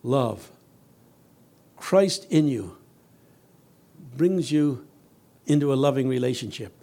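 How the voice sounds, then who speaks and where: A man preaching a sermon and telling a story, swinging from loud, emphatic lines to soft, hushed ones. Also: mid-range voice, expressive, slow.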